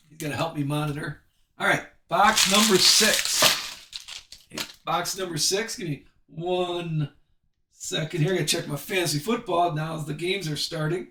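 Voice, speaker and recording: A man's voice: on the high side, fairly even intonation, roomy sound, far from the mic, heavy background noise. A man hosting a live sports card break, chatting with viewers and reading off the cards as he opens packs. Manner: chatty, reads card names off quickly.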